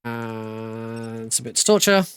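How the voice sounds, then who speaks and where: A man's voice: mid-range voice, expressive, slow, fairly bright tone, clear, resonant tone, no room sound. A man giving casual, joking live commentary while playing through a video game speedrun. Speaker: speedrunner streamer. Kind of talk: live commentary over gameplay.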